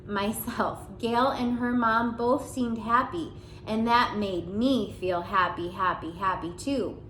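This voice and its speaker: Woman gently reading a storybook aloud. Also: fairly high pitch, slow pace, reverberant, slight background noise, low-quality recording. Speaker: audiobook reader. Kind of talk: audiobook narration in first person.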